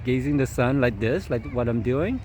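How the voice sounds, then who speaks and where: Male vlogger, mid-pitched, rambling and chuckly, shot outdoors with faint background noise. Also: animated, normal speed, darkish tone. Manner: meandering, chuckling, filler-heavy. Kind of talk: rambling personal storytelling. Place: outdoors at sunset.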